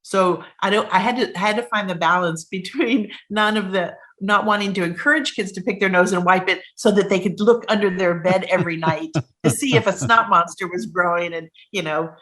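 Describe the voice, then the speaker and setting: A woman children's author chatting in an interview and reading her picture book aloud in a lively, animated way. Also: mid-range voice. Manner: lively, quick talk with animated storybook reading.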